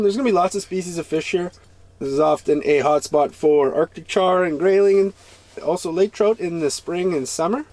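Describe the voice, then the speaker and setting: A man talking casually to camera while ice fishing on a frozen lake, breaking into excited exclamations. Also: sits high. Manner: excitable, bursts into loud exclamations. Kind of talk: casual outdoor vlog commentary.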